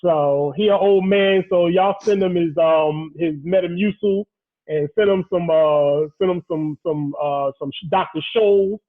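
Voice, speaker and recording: A man's voice: high-pitched, unhurried. A man hosting a casual podcast who rambles with many fillers and teases his co-hosts, heard over a tinny phone-like line. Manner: rambling, filler-heavy, teasing. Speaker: podcast host.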